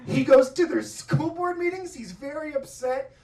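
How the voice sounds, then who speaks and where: A man telling a stand-up story on a comedy stage, swearing freely and acting out yelling coaches. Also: very high-pitched, moderate pace, recorded from a distance, noisy background. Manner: profane, animated, acts out coaches' yelling. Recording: echoey hall with crowd laughter, mic from afar. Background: audience laughing.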